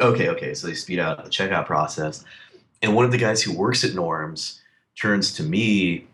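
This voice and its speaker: A deep-voiced man tells a long personal story in a relaxed, conversational way. He rambles, leans on plenty of fillers, and acts out other people's lines along the way.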